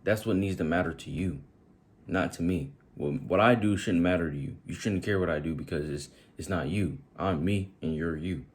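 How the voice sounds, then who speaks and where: Man, very low voice, motivational talk, talks straight to viewers, keeps asking questions. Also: moderate pace. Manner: preachy, addresses viewers directly with repeated questions. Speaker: motivational video host. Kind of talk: direct-to-camera motivational talk.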